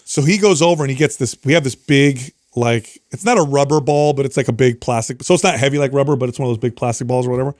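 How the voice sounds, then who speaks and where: A man's voice: mid-range voice, quick pace, hardly any pauses, dry recording, studio quality. A man in his thirties, a podcast co-host, telling a story in casual chat and acting out the quotes.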